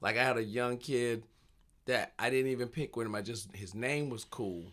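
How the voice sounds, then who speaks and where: A man, a stand-up comedian, is talking shop in a relaxed chat. He tells his stories with lots of energy and slips into other people's voices along the way, laughing as he goes. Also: mid-range voice, normal speed. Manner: animated storyteller, acts out voices, laughs often. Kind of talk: casual storytelling chat.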